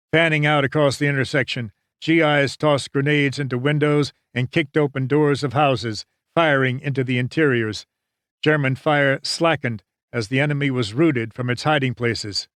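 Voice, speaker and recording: Brief: male audiobook narrator, mid-pitch, measured and dramatic, dry studio sound. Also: a bit bright, no room sound. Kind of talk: scripted narration.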